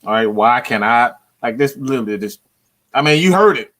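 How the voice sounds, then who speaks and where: A man's voice: mid-range voice, animated, brisk, a bit bright. A man hosting a fan channel, ranting about his team with slang, swearing and lots of repetition. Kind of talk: profane sports fan rant.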